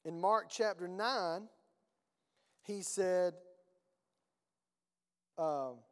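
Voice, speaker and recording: A man's voice: high-pitched, extremely slow, smooth, in a large hall. A male pastor preaching a sermon in a conversational, emphatic way, with rhetorical questions and folksy phrasing.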